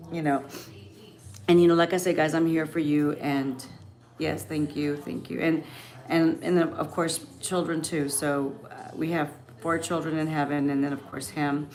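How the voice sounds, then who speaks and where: A middle-aged woman from Texas hosting a livestream, talking emotionally and haltingly to her viewers with many restarts. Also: deep voice, fairly even intonation, darkish tone. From Texas, Rio Grande Valley. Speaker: livestream host. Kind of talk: casual chat with viewers.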